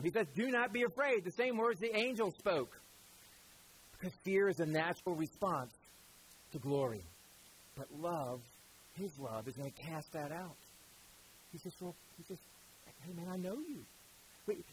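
A man preaching a sermon as pastor, animated and conversational, with a Southern American accent, sometimes dropping to quiet emphatic lines. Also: high-pitched, husky, rough recording.

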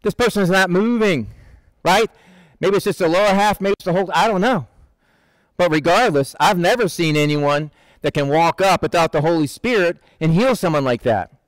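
A man preaching a casual, conversational sermon, animated, acting out the people in the story. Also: high-pitched, moderate pace, dry recording, low-quality recording. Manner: conversational, animated, acts out Bible figures in quotes.

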